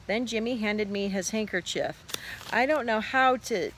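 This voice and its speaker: Teacher lady reading a kids book outside, easygoing and expressive, faint outdoor sound behind. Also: mid-range voice, measured pace, slight background noise, rough recording. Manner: relaxed, chatty, expressive reader. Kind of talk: reading a children's book aloud.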